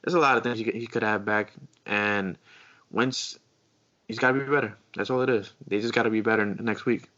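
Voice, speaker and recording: A man's voice: on the low side, fairly even intonation, brisk, pushed and bright. A man co-hosting a casual sports podcast, chatty and hesitant, with fillers and restarts. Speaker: podcast co-host. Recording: dull lo-fi podcast audio.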